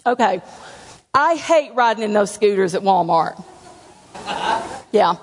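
A woman's voice: medium pitch, lively intonation, unhurried, in a large hall, slight background noise. A woman giving a candid, conversational personal testimony to a church congregation, with self-deprecating humor. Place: church sanctuary.

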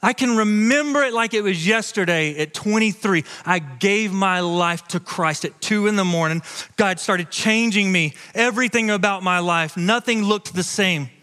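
A high, bright male voice preaching a sermon with fervor, rising to ringing declarations and dropping to hushed confession. His words carry a long reverb from a large church hall. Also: normal speed, clear, resonant tone. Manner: impassioned preaching, swinging from loud to hushed. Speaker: pastor. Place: church stage.

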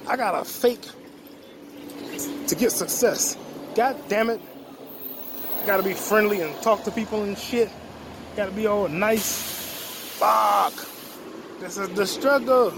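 Man, high voice, casual profane monologue, outdoor city street, traffic behind. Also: a little slow, long pauses. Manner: rambling, profane, joking to himself. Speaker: podcast host. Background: street traffic noise.

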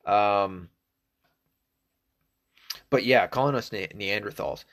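A man's voice: lowish voice, slow, fairly bright tone. A young man from the American South with a faint Southern accent, talking in a casual, profane, rambling monologue full of restarts. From Arkansas, US South.

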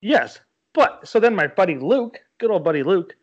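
A man's voice: high-pitched, very animated. A young man co-hosting a podcast in casual chat, rambling and filling his speech with "like". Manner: rambling, heavy on "like", quick to laugh. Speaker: podcast co-host. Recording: slightly dull lo-fi sound.

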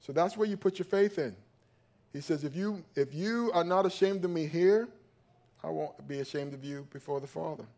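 Man, pastor, sermon, slightly high voice, fervent, loud peaks and hushed lows, calls to congregation. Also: moderate pace, gravelly. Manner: fervent, rising to loud emphatic peaks, then dropping low and quiet.

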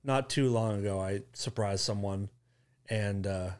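A man's voice: fairly low pitch, unhurried, a little mellow. Wry, teasing male co-host. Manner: wry, teasing, swears casually. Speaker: podcast co-host. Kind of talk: casual chat.

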